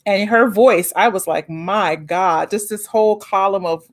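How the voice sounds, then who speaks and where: A woman hosting a relaxed interview, gushing and quick in her bursts of talk. Her voice sits at an ordinary middle pitch. She speaks freely and chattily. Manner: effusive, warm praise, quick bursts. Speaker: host. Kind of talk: casual interview chat.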